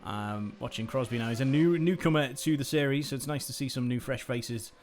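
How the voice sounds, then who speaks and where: A man's voice: medium pitch, fairly quick, a little mellow. Chatty male sim-racing commentator. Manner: chatty, rambling, self-deprecating. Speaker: host commentator. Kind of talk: live esports commentary.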